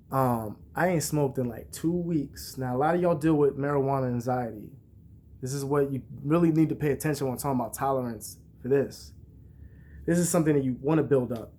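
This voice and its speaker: A young man vlogging, talking in a casual, profane, rambling way and telling stories with animated bursts. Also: medium pitch. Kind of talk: casual monologue to camera.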